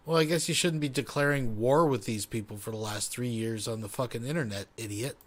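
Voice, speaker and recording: A man's voice: medium pitch, a little fast. A man hosting a commentary show, scornful and sarcastic about a clip he plays. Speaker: commentary host. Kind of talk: mocking commentary.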